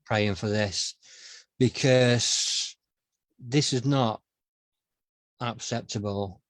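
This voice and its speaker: A man's voice: medium pitch, very slow, no echo. A man, the interviewer, speaking in a hesitant, thoughtful way in a casual conversation. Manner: hesitant, many fillers and restarts. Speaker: interviewer, author and poet.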